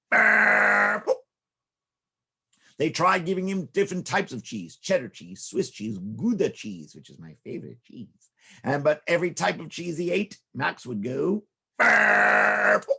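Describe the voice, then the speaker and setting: A storyteller man spinning a silly children's tale with lively, rhythmic repetition and playful sound effects. His voice is gravelly and husky, at a middle pitch for a man.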